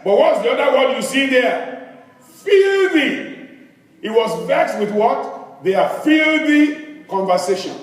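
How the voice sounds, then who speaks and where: A man's voice: extremely high pitch, lively intonation, takes it slowly, pauses often. A male pastor preaching a sermon, asking the congregation questions as he reads scripture. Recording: echoey hall, distant mic.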